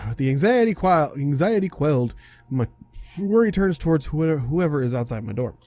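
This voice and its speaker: Reading a visual novel out loud, this young streamer keeps things casual, tripping on words, laughing, and fixing his mistakes. He speaks at a moderate pace in an expressive voice that sits on the high side with a dark tone.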